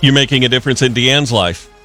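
A man co-hosting a radio fundraising drive, earnest and excitable, laughing between his lines. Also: mid-range voice, fast, soft background music. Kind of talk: on-air fundraising appeal.

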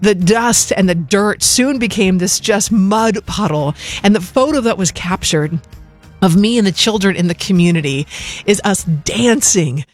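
A woman recounting a personal faith testimony in a heartfelt, reflective way. Her voice sits at a middle pitch, and soft music plays quietly underneath. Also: a little slow. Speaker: missionary sharing a testimony.

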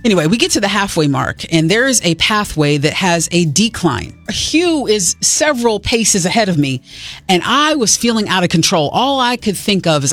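A woman sharing a personal story in a sermon, talking conversationally and jumping up in pitch when she gets excited. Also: moderate pace. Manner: lively, conversational storyteller with sudden high exclamations. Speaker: speaker sharing a faith story.

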